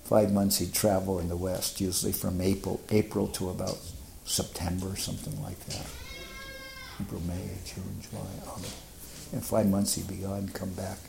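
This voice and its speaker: A man's voice: deep voice, little pitch movement, normal speed, creaky, background noise. An older man casually recalling memories, rambling and laughing as he mimics others. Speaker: devotee recalling his teacher. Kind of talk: casual reminiscence.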